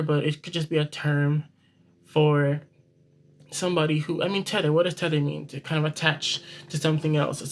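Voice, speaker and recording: A man's voice: fairly high pitch, a little hiss or hum, rough recording. A man giving casual, rambling commentary to his viewers, often restarting and correcting himself. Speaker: online commentator.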